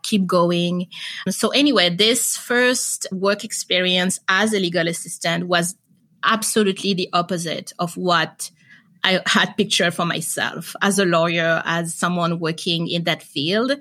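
Young woman, podcast guest; lower voice, bright tone, animated storyteller. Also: unhurried. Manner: animated storytelling with quoted dialogue. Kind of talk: casual interview chat.

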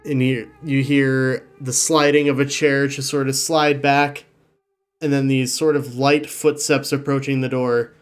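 Slow, unhurried male game master. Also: medium pitch, flat delivery, soft background music. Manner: unhurried, with frequent ums. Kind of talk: narrating a tabletop game.

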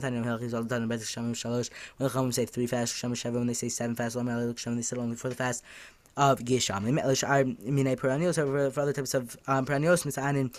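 A man leads a daf yomi Talmud class at a quick clip, his voice sitting in an ordinary middle register. He reads each Aramaic phrase aloud and then translates it into plain speech. Fillers and self-corrections run all through his talk. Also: medium pitch. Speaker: Talmud teacher.

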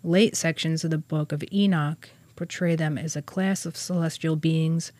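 A woman's voice: sits low, steady tone, normal speed, darkish tone, no room sound. A woman co-hosting a podcast, casually explaining old religious texts, laughing often and stumbling over words. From Catholic churchgoer. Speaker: podcast co-host explaining angel hierarchy.

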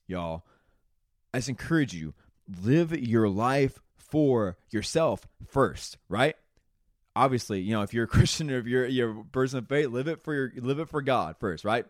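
A man's voice: mid-range voice, lively intonation, moderate pace, no echo, clean studio sound. A young man hosts his own podcast, talking straight to listeners in a casual, earnest motivational monologue full of "man," "dude" and "y'all.". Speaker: podcast host.

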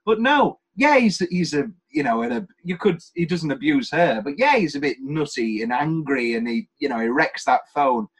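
A man's voice: on the high side, expressive, moderate pace, few pauses, slightly rough. A man co-hosting a podcast, chatting casually and enthusiastically about a film, rambling with restarts. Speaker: podcast co-host. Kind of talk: casual film review chat.

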